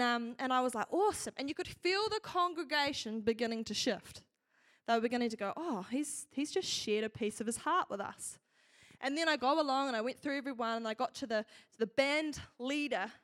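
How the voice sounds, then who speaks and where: A woman with a slightly high voice gives an informal sermon, recounting a dream in a loose, conversational way. She talks with plenty of fillers and restarts, as if chatting with the congregation. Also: a bit bright. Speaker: speaker at a church gathering. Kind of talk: sermon storytelling.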